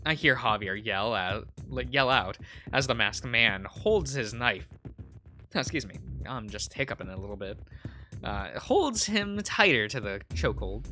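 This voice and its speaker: A man's voice: medium pitch, animated, normal speed, sharp tone, faint music behind. A man hosting a let's play, reading a visual novel aloud in a casual way with fillers.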